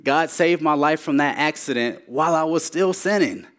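A man preaching his personal testimony, repeating phrases for emphasis and moving between raised, urgent lines and hushed ones. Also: fairly high pitch, normal speed. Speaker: speaker sharing his testimony.

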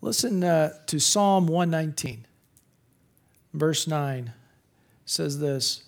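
A middle-aged man preaching a sermon to college students, animated and jokey, slipping into funny voices for the people he mocks. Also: fairly high pitch, slow pace, long pauses. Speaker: campus pastor.

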